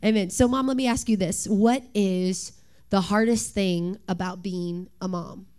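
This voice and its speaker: A woman's voice: mid-range voice, a little slow, clear, resonant tone. A woman in her thirties, a worship leader hosting an earnest, confessional church talk about parenting. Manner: earnest, confessional, with gentle laughs.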